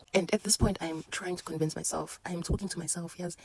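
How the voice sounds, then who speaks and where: Quick-talking South African woman. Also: lowish voice, husky. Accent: South African, Zulu-mixed English. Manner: animated, code-switching, laughing through a birth story. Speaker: vlogger. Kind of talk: casual storytime monologue.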